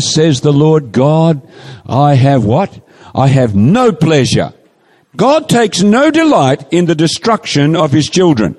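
Preacher man with lively pitch, reverberant hall. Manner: emphatic, pleading, drawn-out quoting of scripture. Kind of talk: sermon.

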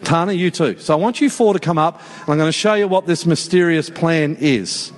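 A man preaching a sermon at a worship service, lively and joking as he calls out to the congregation. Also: fairly high pitch, a little fast. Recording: long hall reverb in a church.

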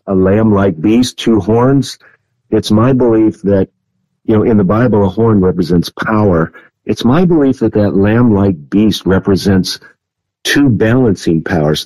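Low, mellow-voiced man explaining earnestly. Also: no room sound, poor audio. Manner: measured, earnest, explanatory with frequent hesitations. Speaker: guest. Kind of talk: interview answer on biblical prophecy.

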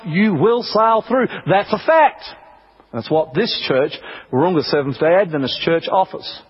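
This is a male pastor delivering an impassioned sermon, pressing each point with rising emphasis. His voice sits high and carries a husky grain. The recording sounds dull and lo-fi, like an old broadcast. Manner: impassioned preaching, builds to emphatic peaks.

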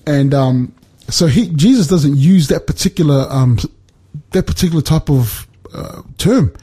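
In a casual chat, a man teaches from the Bible, walking through it step by step and regularly checking in with "right?" and "you know". His voice is fairly high, animated, a little slow, mellow, and breathy at the edges.

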